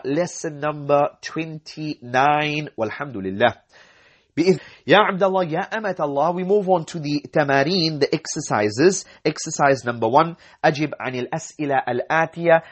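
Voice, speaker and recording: Guy teaching an arabic lesson, a bit high voice, says stuff over and over slow. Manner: repeats phrases slowly, explains grammar step by step. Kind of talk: language lesson, reading and translating.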